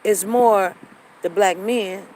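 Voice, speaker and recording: A woman's voice: medium pitch, slow, darkish tone, rough recording. Woman host, forties, storytelling to the audience, repeats lines, faint road noise. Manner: conversational, repeats herself, acts out quoted lines. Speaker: show host. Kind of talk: casual storytelling to viewers.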